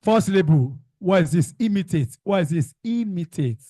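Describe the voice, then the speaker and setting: A man's voice: high voice, animated, moderate pace, mellow, no room sound, studio quality. A man teaching a revision class, calling out questions and repeating the answers in call-and-response drills.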